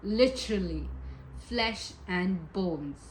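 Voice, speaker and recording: A woman's voice: on the low side, animated, takes it slowly, a little hiss or hum, low-quality recording. A woman giving a casual pick-a-pile tarot reading, chatty and giggly, rambling with many asides. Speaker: tarot reader.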